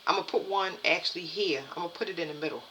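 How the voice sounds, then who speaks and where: A woman giving a spiritual card reading to her viewers, halting and repeating herself as she talks. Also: on the low side, background noise. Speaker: tarot and energy reader.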